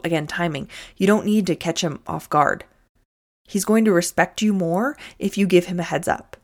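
A woman's voice: lowish voice, moderate pace. Woman, advice host; frank, direct coaching delivery to camera. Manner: frank, coaching, addresses listener as "you". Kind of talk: direct-to-viewer advice talk.

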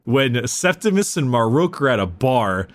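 A young man discussing a book casually, talking in eager quick bursts with some swearing. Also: medium pitch, big pitch swings.

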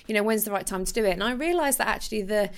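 A woman's voice: medium pitch, animated, very fast, smooth. A young woman hosting her podcast, chatting casually and animatedly with restarts and laughs. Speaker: podcast host. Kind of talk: casual solo podcast talk.

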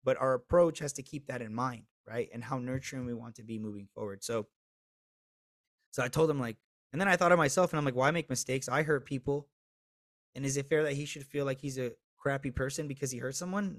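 A man in his thirties, a podcast guest telling a candid personal story with swearing, swinging between loud and hushed. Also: mid-range voice, a little fast, no room sound.

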